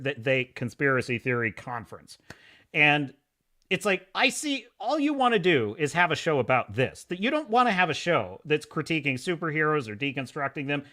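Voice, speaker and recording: A man's voice: fairly high pitch, bright, forceful tone. A middle-aged man hosting a live stream, ranting with opinionated commentary and mocking impressions. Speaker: podcast host.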